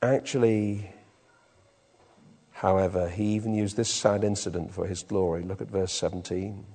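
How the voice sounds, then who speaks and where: A British man preaching a sermon with an animated, emphatic delivery in a church hall. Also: sits low, normal speed, husky. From Britain. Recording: long reverb in a hall.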